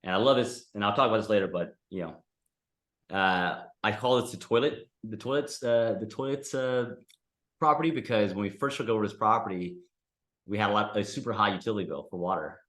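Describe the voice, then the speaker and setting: A man's voice: lowish voice, fairly quick, a bit bright, reverberant. A man teaching a real estate investing class in a casual, conversational way, often tagging sentences with "right?". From United States.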